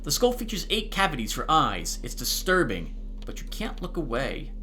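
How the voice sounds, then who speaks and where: A man's voice: fairly high pitch, wildly swooping pitch, moderate pace, pushed and bright. A man narrating and commenting on a story game he plays, thinking aloud casually. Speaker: let's play host. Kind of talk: let's play commentary and narration.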